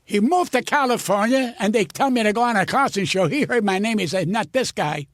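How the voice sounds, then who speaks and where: A man's voice: high-pitched, a little fast, no room sound, studio quality. An older man, a comedian, telling blunt, profane stories in an interview with heated conviction. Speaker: guest comedian. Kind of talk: storytelling interview.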